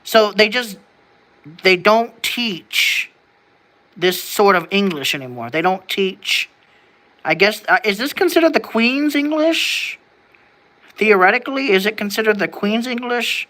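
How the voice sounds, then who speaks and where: An American vlogger is musing casually to camera, wondering aloud and drifting around the topic. Sentences halt and start over as questions accumulate, with some offhand cursing. The voice is bright, sharp-edged, medium-pitched, and measured in pace.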